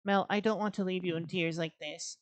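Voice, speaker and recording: Brief: a woman playing a worried, caring healer girlfriend, soft and lowish. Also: steady tone, brisk, lightly acted. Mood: gentle, worried. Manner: gentle, pleading.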